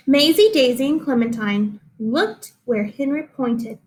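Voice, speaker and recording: Slow, high-voiced woman reading to kids. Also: a little hiss or hum. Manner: slow, clear and expressive, pausing to explain. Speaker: teacher reading aloud. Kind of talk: children's read-aloud.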